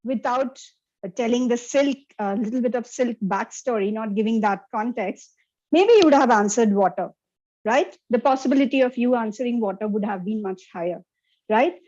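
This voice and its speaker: A woman gives an interactive lecture over a video call, her voice sitting a little high. She keeps turning to her listeners with questions. The call audio sounds dull and lo-fi. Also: normal speed, darkish tone. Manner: interactive, checks in with the audience often. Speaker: workshop presenter. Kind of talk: online lecture.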